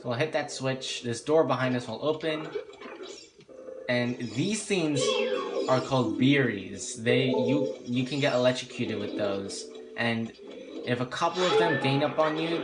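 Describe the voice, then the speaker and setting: A man's voice: medium pitch, a little slow. A young man casually commenting on his own game walkthrough, chatty and sarcastic, often correcting himself. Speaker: walkthrough host. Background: game music.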